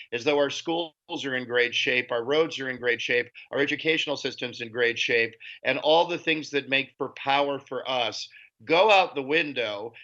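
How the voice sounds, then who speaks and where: Brief: male political guest, sharp-toned and scornful, heard over a dull remote line. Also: medium pitch. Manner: forceful, scornful delivery. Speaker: guest author. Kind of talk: political commentary interview. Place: lives in Europe.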